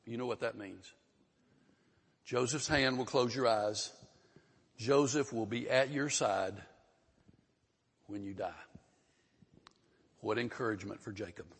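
An older man teaches a Bible class, his voice a little husky. He talks to the room in an easy, conversational way and throws questions out to his students. The sound carries a long reverb, as in a large hall. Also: mid-range voice, unhurried, pauses often.

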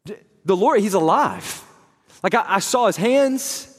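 A man putting on an urgent, breathless woman who rushes in with news. The voice sits higher than usual and stumbles over itself, with a long hall echo behind it. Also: lively intonation.

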